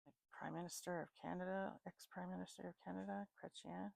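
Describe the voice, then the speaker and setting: A sleepy woman talks through a casual psychic reading, tossing out names and places as they come to her. Her voice sits low with a gravelly edge, and the room sounds dry and close. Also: steady tone, a little fast, a little mellow, dry recording. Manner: free-associating, laughing at her own slips. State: tired, sleepy. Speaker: psychic reader.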